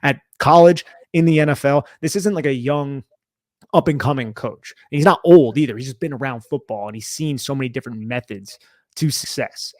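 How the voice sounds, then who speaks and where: A man's voice: medium pitch, a little fast, dry recording. A young man with a mid-range voice co-hosts a casual sports podcast. He walks through game film in a loose, conversational way and laughs easily. The recording is dry and close. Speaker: podcast co-host.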